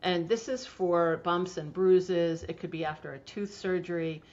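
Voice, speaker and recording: A middle-aged woman with a slightly low voice tells stories in a relaxed, chatty way and uses plenty of fillers. The recording sounds dull and lo-fi. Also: unhurried. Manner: chatty storytelling, laughs often, frequent fillers. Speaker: homeopathy practitioner, guest. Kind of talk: casual interview talk.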